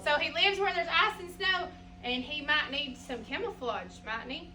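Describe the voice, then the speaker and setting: A woman's voice: high-pitched, normal speed, pushed and bright, far from the mic, rough recording. A woman teacher reading a picture book aloud to a class, asking the children questions in a sing-song way.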